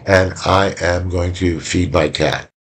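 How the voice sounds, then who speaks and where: A man's voice: sits low, steady tone, slow pace, slight background noise. A man giving a casual recorded lecture from home, rambling and conversational with many fillers and restarts. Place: home room.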